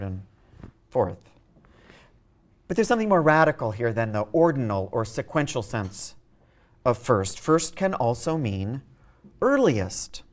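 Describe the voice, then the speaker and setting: A man lecturing on poetry to a university class, his pitch rising and falling freely. He thinks on his feet, stumbling into restarts and repeated words, then reads lines of verse aloud and sounds out their rhythm beat by beat. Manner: reads verse aloud and taps out meter with spoken beats. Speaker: literature lecturer.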